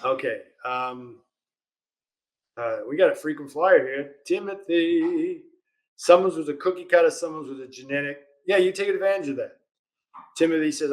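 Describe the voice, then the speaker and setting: On a live question-and-answer stream about legal matters, a man laughs a lot while casually reading out viewer questions. He speaks at normal speed in a slightly high, slightly mellow voice.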